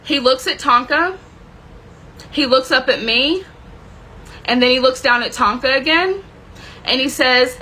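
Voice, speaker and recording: A woman's voice: on the high side, lively intonation, unhurried, pushed and bright, a little hiss or hum, low-quality recording. A woman telling a dramatic personal story with plenty of swearing, intense and emotional in her retelling. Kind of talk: personal story told to camera.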